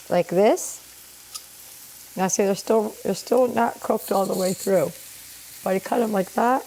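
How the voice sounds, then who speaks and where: A middle-aged home cook and channel host chats through a casual cooking vlog, explaining each step as she goes. Her mid-range voice is mellow with vocal fry and slightly scratchy from allergies, and a pan sizzles in her home kitchen.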